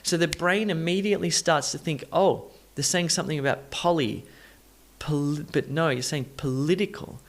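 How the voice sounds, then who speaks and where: Man teaching English pronunciation. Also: on the high side. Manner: repeats words slowly to model stress; explanatory, addresses learners directly. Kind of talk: pronunciation lesson.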